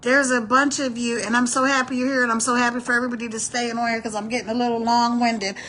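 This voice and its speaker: A woman's voice: a little high, little pitch movement, fast talker, fairly bright tone. A middle-aged woman hosting a casual motivational live stream, rambling and repeating words as she reads comments aloud. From born in New York, raised in Texas.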